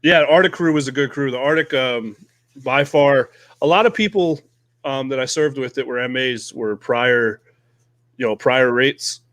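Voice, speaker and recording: A man co-hosting a casual podcast, telling Navy stories in a profane, animated way and acting out shouted quotes. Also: mid-range voice, normal speed, no room sound. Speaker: podcast co-host, Navy veteran. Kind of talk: casual storytelling chat.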